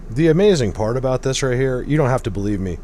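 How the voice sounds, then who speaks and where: Man, mid-pitch voice, earnest, matter-of-fact, faint noise behind. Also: animated, fast talker, mellow.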